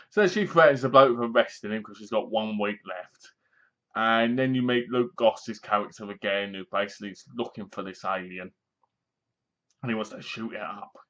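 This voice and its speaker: A man's voice: fairly low pitch, fairly bright tone. A man with an English accent giving a casual, rambling movie review that sounds sarcastic. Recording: dull lo-fi recording.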